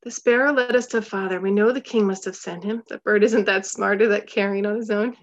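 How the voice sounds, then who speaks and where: A woman's voice: mid-range voice, steady tone, brisk, close to an everyday voice. A trembling young girl in a storybook, as a woman reads her, pleading and earnest. The voice rises a little above the narration. The recording is slightly muffled. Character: trembling, frightened young girl, his sister.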